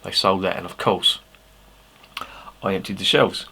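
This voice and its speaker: Deep-voiced English man, chatty beer vlogger. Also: fairly even intonation, a little slow, gravelly, background noise. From England. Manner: chatty, swears freely, self-mocking asides. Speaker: beer reviewer. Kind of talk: casual rambling tasting review.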